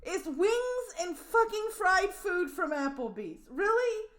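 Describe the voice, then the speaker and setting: A woman's voice: very high voice, big pitch swings, slow, a bit bright. A woman streamer in a casual, profane rant, mocking and exasperated as she reacts to a clip.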